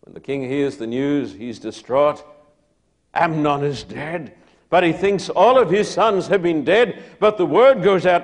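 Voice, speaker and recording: A man preaching a sermon, retelling a Bible story dramatically, dropping to a hush and then rising loud again. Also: on the high side, a little slow.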